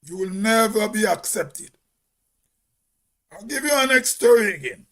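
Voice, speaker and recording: High-voiced man telling a story. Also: lively intonation, a little slow, a bit bright. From Grenada. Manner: rambling, repeats and restarts phrases. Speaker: channel host. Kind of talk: casual storytelling monologue. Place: Toronto.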